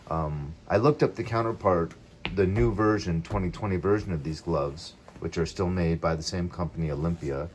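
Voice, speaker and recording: Deep-voiced middle-aged man rambling. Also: a little hiss or hum. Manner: rambling, wanders off on tangents. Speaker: vlogger reviewing gear. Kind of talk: casual gear review vlog.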